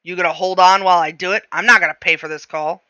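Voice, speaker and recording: A woman's voice: on the low side, steady tone, fast talker, no echo, highs cut off. A woman voicing a stubborn old male bookseller with a heavy accent who grumbles and haggles. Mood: grumbling. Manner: heavily accented, grumbling, shouting at times.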